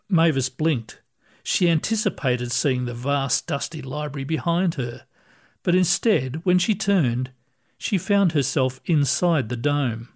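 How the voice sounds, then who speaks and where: A man narrating a short story in a calm, measured way. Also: mid-range voice. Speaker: story reader. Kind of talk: scripted narration.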